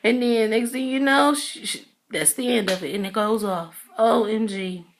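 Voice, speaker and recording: A woman's voice: a little high, a little hiss or hum. Rambling woman recapping a TV episode. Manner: rambling storytelling, full of "you know" and "uh"; acts out characters' lines in quick asides. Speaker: TV episode reviewer.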